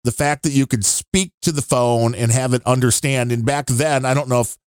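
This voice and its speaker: A man's voice: medium pitch, fairly even intonation, moderate pace, smooth, dry recording, studio quality. A man co-hosting a podcast, rambling and grumbling through his opinions in casual chat. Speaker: podcast co-host.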